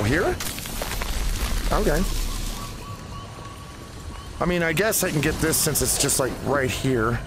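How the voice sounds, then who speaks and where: A man's voice: fairly high pitch, noisy background. A man playing a VR game, chatting animatedly, swearing and talking to the characters. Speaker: gaming host. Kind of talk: VR game let's play commentary. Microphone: VR headset.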